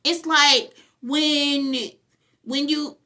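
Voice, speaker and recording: A woman's voice: high-pitched, level tone, very slow, sharp tone. A woman hosting a vlog, giving casual spiritual advice in a chatty way, repeating herself and often checking in with her viewers. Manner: familiar, addresses viewers as "honey" and "y'all". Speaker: vlog host.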